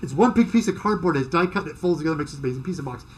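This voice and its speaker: A middle-aged man telling work stories in a casual chat, animated and acting out other people's lines. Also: on the high side. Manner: animated, acts out dialogue in quick bursts. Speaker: guest.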